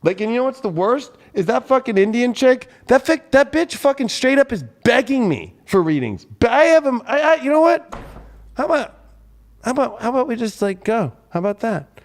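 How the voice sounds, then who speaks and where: A man with a high voice delivers an angry, heated livestream rant, swearing constantly at his viewers. He sounds like a tarot host who has run out of patience. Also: sing-song, moderate pace. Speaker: astrologer and tarot reader hosting his channel.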